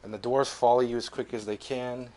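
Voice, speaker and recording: A man's voice: mid-range voice, fairly even intonation, brisk, dark tone. A young man running a tabletop game as game master, narrating vividly, swearing freely and laughing between beats.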